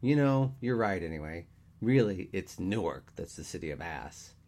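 A man's voice: low voice, very animated, normal speed, darkish tone. A man voicing a self-pitying, theatrical man of thirty who complains in an overdramatic way in a storybook reading. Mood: worked up.

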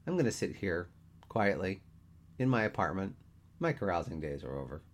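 A man's voice: low voice, sing-song, normal speed. A man voicing a self-pitying, theatrical man of thirty who complains in an overdramatic way in a storybook reading. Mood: gloomy, whiny.

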